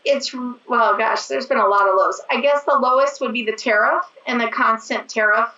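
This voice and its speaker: A raspy, hoarse woman in her forties, a business owner talking as a guest in a quick, chatty way. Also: a little high, pushed and bright. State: hoarse from overuse. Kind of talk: casual interview chat. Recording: echoey, distant, dull sound.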